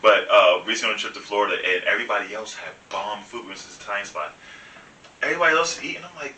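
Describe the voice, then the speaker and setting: A man's voice: fairly low pitch, animated, quick pace, pushed and bright, reverberant, recorded from a distance, poor audio. A young man hosting a casual chat over wine, telling stories in a laid-back way and laughing often. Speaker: host.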